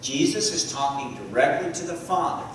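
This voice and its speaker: A man preaching a sermon to a congregation, often pausing to ask the listeners questions and repeating key words. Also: fairly high pitch, slight background noise. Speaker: preacher and teacher. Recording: echoey hall from far off.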